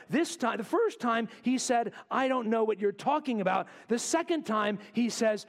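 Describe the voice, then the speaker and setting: A male pastor preaching a sermon, acting out quotes and dropping to quiet asides. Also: very high voice, normal speed, few pauses. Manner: animated, acts out voices in quotes, drops to quiet asides.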